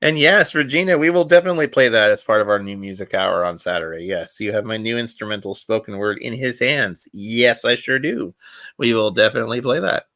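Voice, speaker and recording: Lively, bright-voiced male show host. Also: fairly low pitch, brisk, no room sound, clean studio sound. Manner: animated, joking, chatty announcements. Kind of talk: casual radio show chat.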